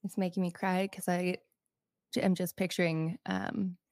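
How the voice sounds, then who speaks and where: A woman's voice: on the low side, little pitch movement, moderate pace, a little mellow, no echo. A woman hosting a podcast interview, encouraging and affirming as she asks questions. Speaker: podcast host. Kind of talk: casual interview chat.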